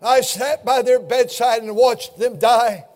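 Older male pastor with a very high voice, fiery pulpit delivery that climbs into shouts. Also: a little slow. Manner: impassioned, rising to shouts. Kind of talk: fiery sermon.

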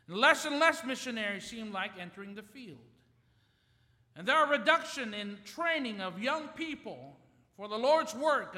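A man preaches a fervent revival sermon, his voice pitched very high and cutting. He rallies the congregation to answer him back. The sound carries a long church reverb. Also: bright, forceful tone. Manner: fervent, call-and-response with congregation. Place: church sanctuary.

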